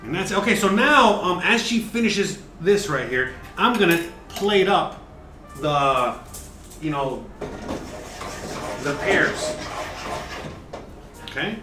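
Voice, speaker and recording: A man's voice: sits high, animated, slow, pauses often, roomy sound, over music. A man hosting a casual cooking livestream, chatting and explaining each step, cursing now and then. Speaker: cooking show host.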